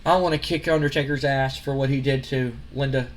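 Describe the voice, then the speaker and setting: A man voicing a furious older male wrestling company boss who demands revenge and shouts threats. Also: mid-range voice, steady tone, brisk, natural voice. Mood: angry.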